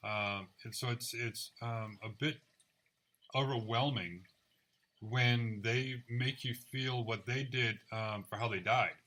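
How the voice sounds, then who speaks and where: A man, a psychic medium, chatting casually and retelling his experiences with lively quoted dialogue. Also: mid-range voice, slow. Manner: animated storyteller, acts out quoted dialogue. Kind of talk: casual chat, storytelling.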